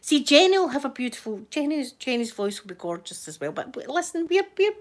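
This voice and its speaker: A woman's voice: sits high, big pitch swings, fairly quick. A woman with a Glasgow accent, hosting her channel with a chatty, rambling manner and Scots words. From Scotland. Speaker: channel host. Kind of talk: casual livestream chat.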